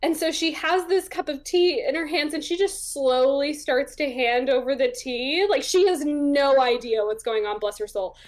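A woman's voice: sits high, moderate pace, few pauses. A young woman talking as an interview guest, chatty and casual, with lots of fillers as she acts out the voices in her stories. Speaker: interview guest, psychic medium.

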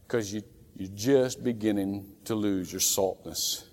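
A man preaching a sermon as a pastor, swinging from loud acted outbursts to soft, near-whispered pleas. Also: fairly low pitch, a little slow. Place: church sanctuary. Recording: long hall reverb from a church.

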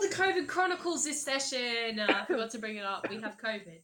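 A woman's voice: on the high side, expressive, fairly quick, very noisy. A young woman co-hosting a podcast in casual chat, giggly and swearing, jumping between jokes. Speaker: podcast co-host. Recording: echoey room.

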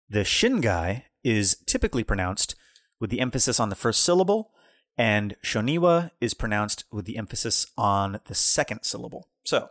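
Animated rambling young man. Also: lowish voice, normal speed, no echo, studio quality. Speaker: podcast co-host. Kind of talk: casual chat.

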